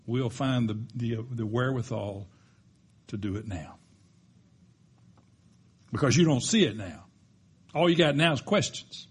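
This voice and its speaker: A man delivering a sermon in a church with a husky, breathy voice of middling pitch. He preaches emphatically, building up to forceful peaks before dropping back down. Now and then he tosses in a playful aside. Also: measured pace, pauses often. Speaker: pastor.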